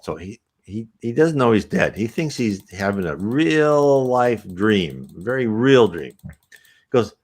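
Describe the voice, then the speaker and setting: Male reader-commentator, low voice with lively swings, rambling asides. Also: slow pace. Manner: rambling, animated, many restarts. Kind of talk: reading aloud with casual commentary.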